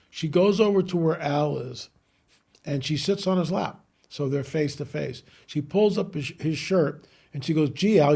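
A man, a guest on a talk show, telling a story with animated emphasis and repeating key lines. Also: a little high, creaky, husky. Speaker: guest, UFO researcher. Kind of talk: podcast interview storytelling.

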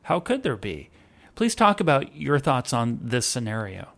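A man hosting an interview, asking measured, prepared questions of his guest. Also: mid-range voice, big pitch swings, gravelly, fairly bright tone. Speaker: podcast host.

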